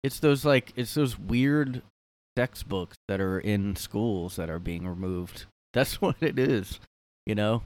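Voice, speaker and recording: A man with a fairly low voice rambles through his own solo podcast. He talks loosely, packs his sentences with fillers, and has a wry, sardonic edge. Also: slow, a little mellow. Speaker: podcast host. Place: his room.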